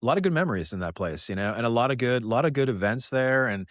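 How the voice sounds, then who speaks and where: A man's voice: medium pitch, expressive, fast talker, no echo, studio quality. Rambling American man, casual podcast co-host. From United States. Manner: rambling, repeats phrases, says "you know" and "dude". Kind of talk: casual chat.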